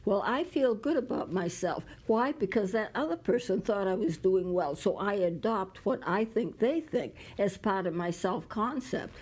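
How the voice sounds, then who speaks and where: A woman's voice: mid-range voice, expressive, moderate pace, few pauses, darkish tone, husky, rough recording. A woman hosting a community TV talk show, explaining ideas with everyday examples and stopping now and then to cough. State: coughing at times. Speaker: show host.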